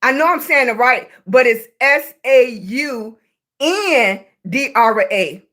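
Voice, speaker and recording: With lively intonation and a high, bright tone, a Southern American woman slowly chats with her livestream audience over a phone or webcam mic. The host welcomes each arrival by name, calling them baby.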